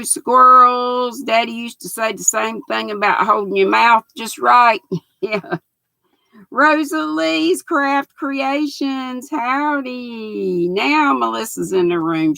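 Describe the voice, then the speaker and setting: A woman's voice: a little high, vocal fry, bright, forceful tone, no room sound, rough recording. An older woman, hosting a livestream in a folksy, chatty way, reading out comments from her viewers. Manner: folksy, chatty, laughs often. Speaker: livestream host.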